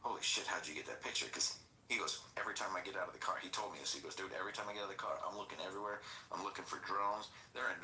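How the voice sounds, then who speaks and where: Low male voice, sharp and forceful, echoey room: a rambling, animated podcast storyteller. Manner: rambling, animated storytelling with crude quoted dialogue. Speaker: podcast host. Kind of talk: casual storytelling chat. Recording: roomy echo, faint background noise.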